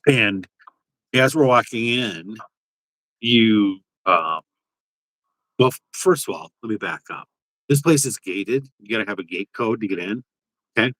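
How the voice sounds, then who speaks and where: Casual low-voiced man spinning a story. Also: animated, measured pace, pauses often, a bit bright, dry recording, low-quality recording. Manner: rambling, profane, many fillers. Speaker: podcast co-host.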